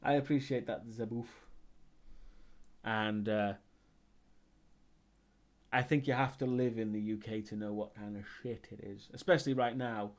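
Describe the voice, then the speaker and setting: A man's voice: fairly low pitch, steady tone, unhurried, pauses often. A Welsh man hosting a live stream, chatting casually with his chat and making wry asides. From Wales.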